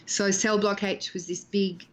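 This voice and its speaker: Rich: An Australian woman in her sixties, talking in a relaxed interview. She tells her stories with energy and slips into the voices of the people she remembers. Her pitch sits in a middle range for a woman. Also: measured pace. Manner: lively storyteller who acts out the people in her anecdotes. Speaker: actress interviewed as guest. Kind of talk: casual interview chat.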